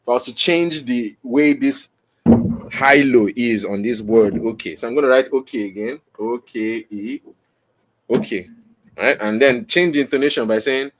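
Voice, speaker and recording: A man's voice: mid-range voice, normal speed. A man hosting his own podcast, explaining in a rambling, self-correcting way and checking in with "right?" as he goes, recorded on a camera mic indoors. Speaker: podcast host. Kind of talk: casual explainer, teaching on camera.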